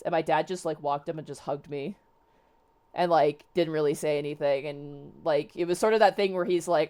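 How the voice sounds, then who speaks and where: A woman's voice: low voice, a little fast, warm tone. A young woman host telling a personal story in casual chat, rambling with many fillers and restarts. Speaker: streamer host.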